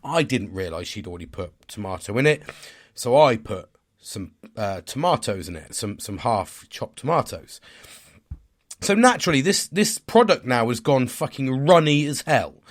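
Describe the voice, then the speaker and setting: A man's voice: mid-range voice, sing-song, moderate pace. A man, talking in a casual, rambling vlog monologue. He swears constantly, sounds stressed and tired, and is hard on himself. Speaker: vlogger.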